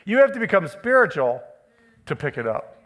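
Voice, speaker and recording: High, bright-voiced man preaching emphatically. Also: very animated, moderate pace. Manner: emphatic, repeats key phrases for stress; switches between forceful declarations and playful asides. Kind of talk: sermon.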